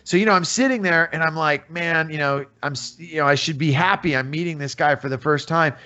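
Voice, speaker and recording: Speaking on the high side and a little fast, this middle-aged American man comes through on a muffled recording. He's a musician and comedian on a podcast, animatedly telling stories and doing voices for whoever he quotes.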